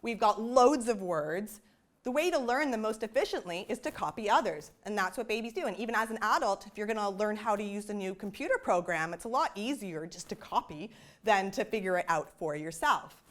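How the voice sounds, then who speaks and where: A woman's voice: medium pitch, lively intonation, brisk. A woman psychologist giving a public science talk, explaining her research in a conversational way with frequent "you know" asides.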